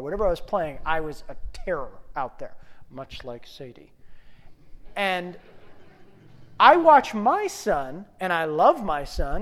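Male pastor, 30s, story-driven sermon, swings loud to hushed, long church reverb. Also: sits high. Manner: animated storytelling, rising to loud bursts and dropping to soft prayer. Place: church sanctuary.

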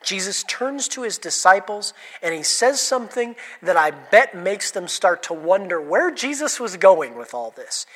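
A man's voice: high-pitched, very animated, a little slow, hardly any pauses, fairly bright tone. A man preaching an interactive sermon, asking the congregation questions and calling on people by name. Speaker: pastor. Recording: hall reverb.

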